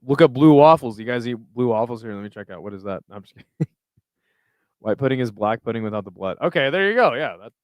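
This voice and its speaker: This streamer talks fast, with lively intonation and a medium pitch, reading chat aloud and reacting in a loose, profane, laid-back way. The recording is dry and studio-clean.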